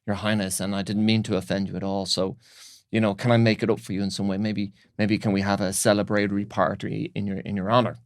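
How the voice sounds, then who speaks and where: A man's voice: on the low side, flat delivery, fast talker, natural voice. A man voicing a meek but cunning servant in a told story. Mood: apologetic. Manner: fawning, apologetic.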